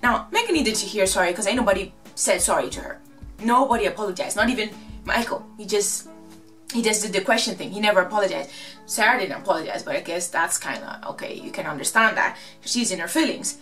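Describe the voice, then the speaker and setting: A woman from Ghana casually recapping a reality show, sassy and animated, acting out the quotes. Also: mid-range voice, fast talker, recorded from a distance, soft background music.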